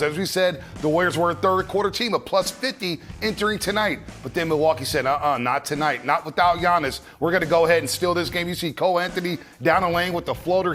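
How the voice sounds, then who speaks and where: A man hosting a basketball postgame show, giving upbeat, brisk recaps of the game. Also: sits high, a bit bright. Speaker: sports show host. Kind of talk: postgame studio analysis.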